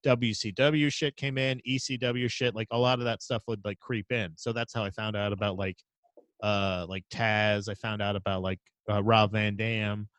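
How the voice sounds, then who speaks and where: A man's voice: on the low side, normal speed, smooth, no echo. A man co-hosting a podcast, telling rambling, profane stories in casual chat. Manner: rambling, profane, animated storytelling. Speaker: podcast co-host.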